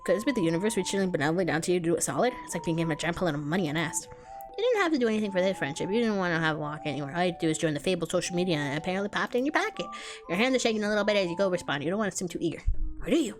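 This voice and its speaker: A young woman streamer reading a visual novel aloud with quick, profane, self-deprecating banter. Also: lowish voice, expressive, over music.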